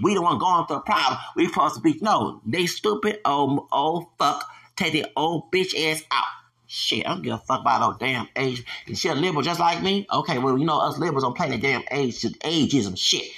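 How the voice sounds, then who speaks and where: A man in his forties rants on his own podcast in an angry, profane stream. His voice sits a little high and comes out bright and forceful. He stammers and restarts, then swings into loud, heated bursts. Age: 40s. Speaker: podcast host. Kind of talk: solo podcast rant.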